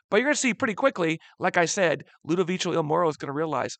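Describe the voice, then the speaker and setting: A man teaching a history lesson in a casual, animated way, using slang and often calling his students "guys.". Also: sits high, quick pace, creaky, hardly any pauses, dry recording. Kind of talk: casual classroom lecture.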